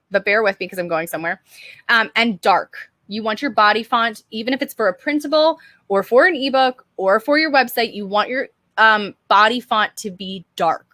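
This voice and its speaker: A woman's voice: medium pitch, pushed and bright, no echo. A young woman teaching design on a casual live stream, chatty and upbeat, answering viewer questions with lots of "um" and "like".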